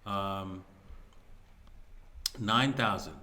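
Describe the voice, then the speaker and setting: A man with a fairly low-pitched voice hosts his own video in a loose, rambling way. He trips over his words, fills gaps with "um" and "uh", and chuckles at his own asides. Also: extremely slow, pushed and bright. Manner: rambling, many fillers and restarts, chuckles at own jokes. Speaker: crypto video host. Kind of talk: casual market commentary.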